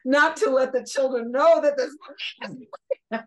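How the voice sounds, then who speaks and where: An older woman from Brooklyn, a guest on an interview, telling lively anecdotes, laughing mid-sentence and acting out what people said. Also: sits high, moderate pace, poor audio. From Brooklyn, USA. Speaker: guest, former children's TV host. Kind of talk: casual storytelling interview.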